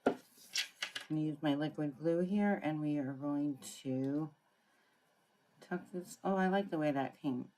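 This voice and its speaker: A woman's voice: deep voice, a little slow, long pauses, mellow, a little hiss or hum. A woman running a live crafting tutorial, chatting through each step and greeting viewers by name. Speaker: craft demonstrator.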